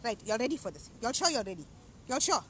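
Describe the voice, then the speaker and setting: A woman playing a loud, bossy middle-aged aunty who hosts her own show, chatting and teasing, outdoors at a beach. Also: on the high side, sing-song, fast talker, a little hiss or hum. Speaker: show host.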